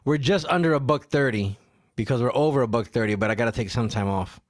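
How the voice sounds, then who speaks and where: Profane, animated podcast host. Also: male voice, medium pitch, fast, no echo, studio quality. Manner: profane, animated, laughs often. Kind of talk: casual podcast chat.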